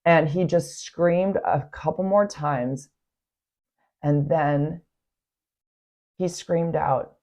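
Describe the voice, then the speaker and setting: Low, creaky woman telling a story. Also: extremely slow, long pauses, darkish tone. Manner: chatty, many "like" fillers. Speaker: podcast host; school staff member. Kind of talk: casual storytelling.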